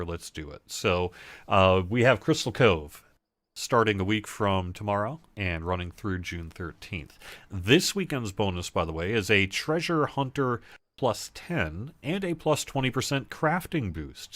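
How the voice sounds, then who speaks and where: Low-voiced man hosting a gaming livestream. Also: a bit bright, no room sound. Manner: loose and rambling, answering chat questions. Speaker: livestream host. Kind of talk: casual livestream chat while gaming.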